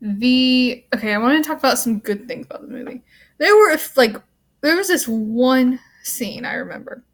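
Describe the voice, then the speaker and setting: A woman's voice: sits high, animated, normal speed. A young woman vlogging a casual movie rant, rambling and full of "like" and "um", offhand and wry. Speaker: student vlogger.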